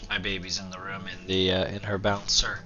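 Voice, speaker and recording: A man hosting a let's play, chatting casually about a strategy game and dropping into quiet, half-whispered asides now and then. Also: low-pitched, monotone, fairly quick, muffled recording. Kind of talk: casual gameplay commentary.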